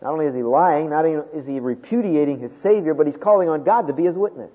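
A man preaching a sermon, with dramatic swings from loud emphasis to hushed tones. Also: fairly high pitch, fast talker, husky. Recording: tinny phone-like sound with long hall reverb.

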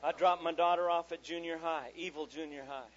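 A man telling an animated stand-up story about raising his daughters, switching into character voices. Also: fairly high pitch, a little fast. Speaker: comedian. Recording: dull lo-fi live recording with faint noise.

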